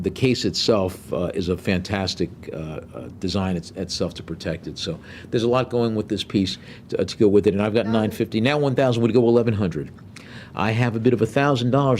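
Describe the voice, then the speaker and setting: Brisk middle-aged male auctioneer. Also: on the low side, darkish tone, slight background noise. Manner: brisk bid calling with joking asides. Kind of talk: live auction calling.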